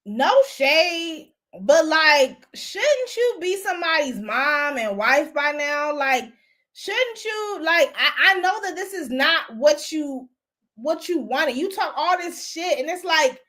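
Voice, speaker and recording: A woman's voice: very high-pitched, bright, forceful tone. A woman hosting a casual live stream, gossiping bluntly and profanely while she greets and answers viewers. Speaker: host.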